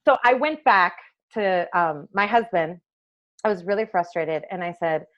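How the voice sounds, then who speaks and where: A woman in conversation, an eye doctor recounting her path into designing frames. She speaks at a mid pitch, brings quoted exchanges to life as she tells them, and the recording sounds a little dull and lo-fi. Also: moderate pace. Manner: animated storyteller acting out quoted dialogue. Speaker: optometrist and eyewear maker, interview guest. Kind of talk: conversational interview storytelling.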